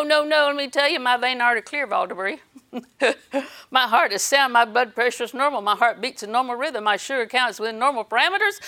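A middle-aged woman preaching a sermon in an animated way, acting out little scenes and laughing. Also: high-pitched.

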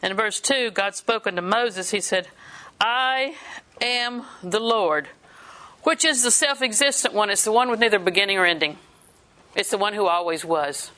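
A woman's voice: medium pitch, moderate pace, sharp tone. An older woman preaching a sermon, telling folksy family stories and laughing often between points.

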